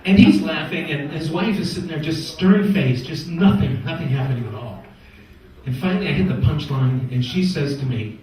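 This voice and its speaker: A man from New doing a stand-up comedy set, wisecracking with deadpan setups and punchlines. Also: fairly high pitch, moderate pace. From New York. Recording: echoey room from far off.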